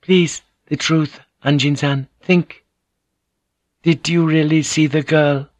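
A man reading an audiobook, voicing a gracious young Japanese noblewoman who speaks calmly in formal, measured phrases. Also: a little high, no echo, voice pushed up. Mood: calm, gentle.

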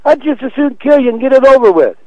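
An older man speaks on a phone call in a stern, blunt and threatening way. His voice sits fairly high, and it comes through a dull, lo-fi line with dry, close sound. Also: animated, fast talker, no echo. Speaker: prank call target.

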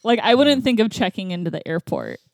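Lively playful woman co-host. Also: mid-range voice, fairly quick, no room sound, clean studio sound. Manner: playful, teasing questions. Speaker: podcast co-host. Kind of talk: casual chat.

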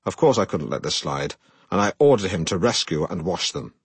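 An actor playing a pompous, self-regarding middle-aged broadcaster who narrates his own memoir in a deadpan way. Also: sits low, brisk, breathy edge, no echo, exaggerated voice. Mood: self-important. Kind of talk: comic audiobook narration.

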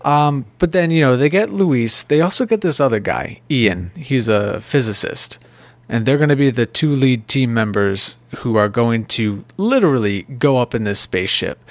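A man's voice: mid-range voice, no echo. A man casually recapping a movie plot on a podcast, rambling and joking. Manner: rambling, jokey, puts on silly voices. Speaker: podcast co-host. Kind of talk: casual movie review chat.

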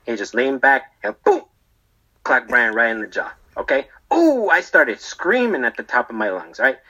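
A rambling, defensive barber behind bars, played by a man, who keeps checking in with "okay?" and "right?" as he tells his story. His voice is bright and sharp. The recording sounds dull and lo-fi. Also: medium pitch. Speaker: storyteller being interviewed. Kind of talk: comedic character monologue.

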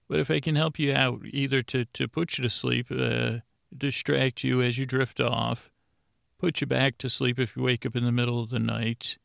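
A man hosting a sleep podcast, rambling and stammering in a deadpan comedic monologue. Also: mid-range voice, gravelly, dry recording, clean studio sound. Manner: stammering, self-interrupting, deadpan.

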